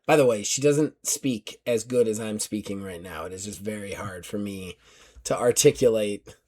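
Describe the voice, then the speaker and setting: A man's voice: lowish voice, normal speed, a little mellow. Guy running a tabletop game, easygoing chatty narration. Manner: casual, explains with lots of likes. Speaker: game master.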